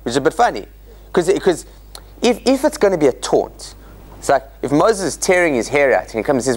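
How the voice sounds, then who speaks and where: Male rabbi lecturer, slightly high voice, very animated pitch, quizzes the class. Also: fairly quick. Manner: animated, questioning the class and acting out quotes. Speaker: rabbi teaching a Bible study class.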